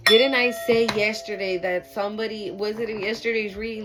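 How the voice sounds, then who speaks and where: A woman's voice: mid-range voice, fairly even intonation, moderate pace, few pauses, a bit bright, a little hiss or hum, low-quality recording. Emphatic, profane woman tarot reader. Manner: emphatic, repetitive, profane, addresses viewers directly. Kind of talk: casual spiritual card reading.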